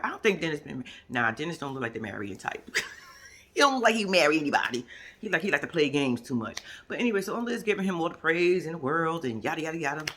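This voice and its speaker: A woman's voice: lowish voice, a bit bright. A woman giving a casual, sassy spoken recap of a reality TV episode as a vlogger. She acts out what other people said and drops into whispered asides.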